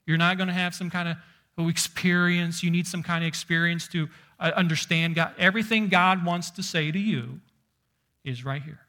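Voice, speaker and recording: Emphatic preacher man, slightly high voice. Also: fairly even intonation, pushed and bright. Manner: emphatic, slows and drops to near whisper for stress. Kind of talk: sermon.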